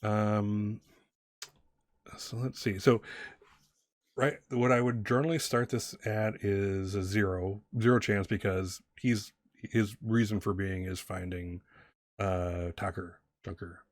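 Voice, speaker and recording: A man's voice: fairly low pitch, fairly even intonation, takes it slowly, dry recording, clean studio sound. A man narrating a tabletop game as game master, rambling with many fillers and restarts.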